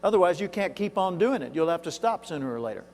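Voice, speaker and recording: Southern guy from arkansas giving a keynote, folksy storyteller, kinda high voice, long hall echo. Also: big pitch swings, fast talker, darkish tone. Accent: Southern US, toned down. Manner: folksy storytelling, conversational asides to the audience. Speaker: keynote speaker. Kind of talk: conference keynote speech. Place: large hall. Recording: reverberant hall, live event.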